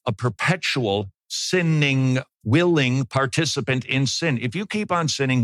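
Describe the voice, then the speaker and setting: A man's voice: medium pitch, lively intonation, normal speed, hardly any pauses, fairly bright tone, no echo. A man preaching a sermon to a congregation in a church, emphatic and repeating his key points.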